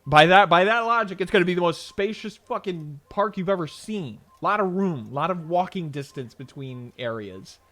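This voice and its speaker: A young man streaming a video game, telling stories in an animated, profane, casual way. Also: sits high, normal speed, hardly any pauses. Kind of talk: casual gameplay commentary.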